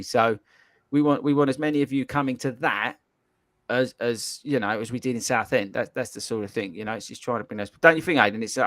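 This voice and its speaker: A man's voice: mid-range voice, a bit bright, no room sound. A man with a London accent hosting a casual podcast chat, rambling and filling with "you know". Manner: rambling, repeats himself, lots of "you know". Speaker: podcast host.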